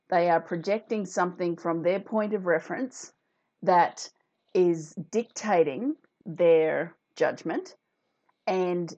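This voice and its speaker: Female host, low-pitched, chatty live-stream style, dull lo-fi sound. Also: darkish tone. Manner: chatty, reads out viewer comments. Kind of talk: casual talk to viewers.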